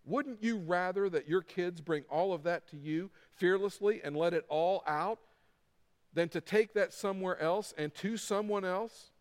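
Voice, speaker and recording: A middle-aged pastor preaches to his congregation, hammering points home through repetition and acting out little quoted lines. His voice sits high for a man. A long reverb from a large hall trails each phrase. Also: a little slow. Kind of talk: sermon.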